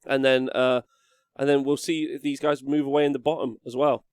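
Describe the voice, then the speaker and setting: A man's voice: mid-range voice, flat delivery, moderate pace, darkish tone, smooth, no echo, studio quality. A man commentating a live tabletop wargame match in a casual, chatty way with plenty of fillers.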